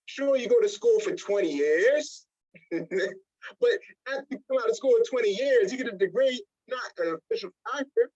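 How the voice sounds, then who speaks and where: A man's voice: sits high, muffled recording. A man leading a motivational business training, acting out little scenes in different voices as he goes. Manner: animated, acts out little scenes in other voices. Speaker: network marketing trainer.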